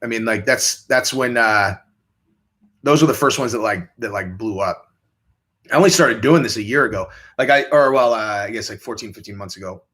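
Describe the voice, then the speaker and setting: Reading viewer questions on his laid-back livestream, this young host rambles crudely and switches to shrill, mocking voices for quotes. He talks at normal speed with a fairly bright tone.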